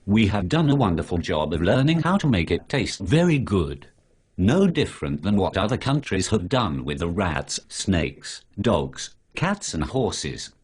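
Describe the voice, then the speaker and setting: A sarcastic, preachy male superhero from an animated short, spoken by a computer voice. He is very deep and rough-edged and lectures in long lists. His pitch jumps around a lot. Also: a little slow, full character voice. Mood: lecturing. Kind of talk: synthetic animated dialogue.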